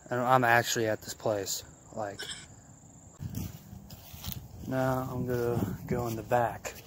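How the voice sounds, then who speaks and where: A man ghost-hunting on camera, excitable, swinging between hushed whispers and loud outbursts. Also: medium pitch, takes it slowly. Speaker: paranormal investigator vlogger. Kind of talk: ghost-hunting vlog commentary. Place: outdoors at night at an abandoned site. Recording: loud outdoor noise with crickets. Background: crickets and insects.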